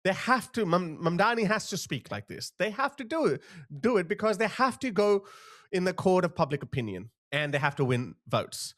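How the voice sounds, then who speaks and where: A high-pitched man delivers political commentary with a wildly lively voice that leaps up and down. He is sarcastic and emphatic, pressing each point hard. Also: normal speed. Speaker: host.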